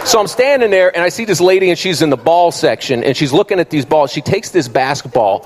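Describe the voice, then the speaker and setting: A man doing an animated stand-up comedy routine on a club stage, acting out every character. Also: a little high, a little fast, background noise. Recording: live stage with crowd laughter.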